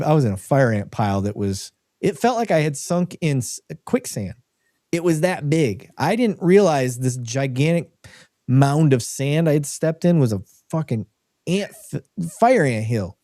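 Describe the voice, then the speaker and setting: A middle-aged man co-hosting a live podcast, telling a story in a casual, animated way with bursts of laughter. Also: mid-range voice, normal speed, no echo, clean studio sound. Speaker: podcast co-host.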